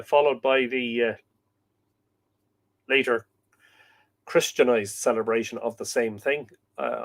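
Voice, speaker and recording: A man with an Irish accent hosting a live stream, chatting and greeting viewers one by one by name as he reads their comments. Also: mid-range voice. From Ireland. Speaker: host.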